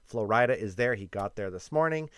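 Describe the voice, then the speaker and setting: Canadian guy rambling excitedly about results, low-ish smooth voice, lots of ums. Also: brisk, no echo, clean studio sound. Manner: enthusiastic, rambling, filler-heavy. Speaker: YouTuber and radio host. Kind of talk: casual reaction commentary.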